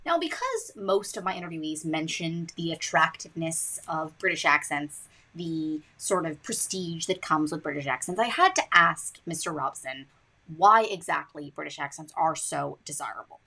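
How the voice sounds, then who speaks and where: A woman's voice: low-pitched, lively intonation, moderate pace, pushed and bright. A teenage girl hosting her own podcast, narrating with emphatic, swooping delivery. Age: teens. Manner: emphatic, rising and falling delivery. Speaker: student podcast host.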